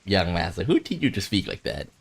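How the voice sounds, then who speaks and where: A man's voice: deep voice, wildly swooping pitch, a little fast, creaky, slightly rough, heavily acted. A man voicing a devoted, fussy middle-aged male servant who addresses his master formally and dotes on him.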